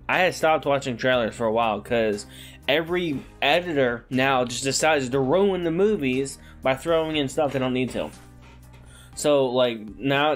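A man hosting a casual trailer reaction, chatty and laughing as he reacts. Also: medium pitch. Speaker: host.

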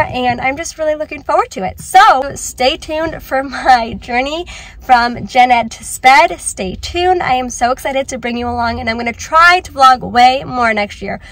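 A young woman teacher chatting excitedly in a casual vlog, with many "like"s. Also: sits high, moderate pace. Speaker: teacher and vlogger.

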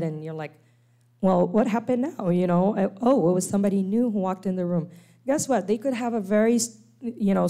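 A woman lecturing to church teachers on special needs kids, acting out parents and children as she explains. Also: medium pitch. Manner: animated, acts out quoted parents and kids.

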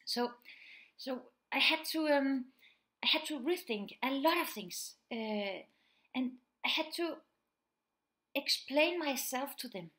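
A woman's voice: high voice, animated, slow, pauses often, sharp tone. A woman teacher giving an earnest spoken presentation, explaining things plainly and acting out bits of quoted speech. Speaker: teacher of pupils with autism.

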